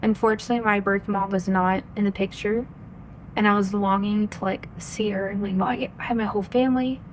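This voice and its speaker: An earnest young woman in her twenties, a guest on a podcast, tells her personal faith story in a casual, chatty way. She fills her speech with "like" and keeps quoting what she thought at the time. Her voice sits at an ordinary middle pitch. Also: steady tone, fairly quick, a little hiss or hum. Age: 20s. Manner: earnest, chatty, full of "like" and quoted inner thoughts.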